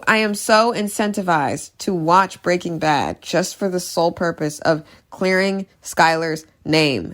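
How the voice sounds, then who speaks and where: Woman YouTuber, deep voice, casual opinionated TV recap commentary. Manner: opinionated, emphatic, repeats words for emphasis.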